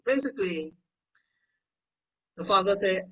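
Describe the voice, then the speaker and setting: Preacher, husky voice, conversational sermon, scripture reading with asides. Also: medium pitch, lively intonation, a little slow, pauses often, fairly bright tone, distant mic, low-quality recording.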